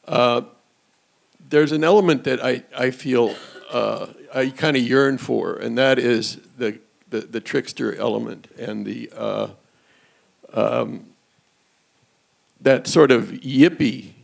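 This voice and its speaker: A man speaking as the last panel speaker, musing and hesitant, with many pauses and fillers. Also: medium pitch, vocal fry. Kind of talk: reflective remarks to an audience.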